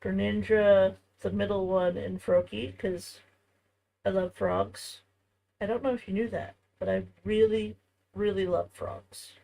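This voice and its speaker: Chatting with viewers while crafting on a live stream from home, a woman speaks unhurriedly in a medium-pitched, warm, creaky voice. Her intonation stays fairly even, and the audio is poor.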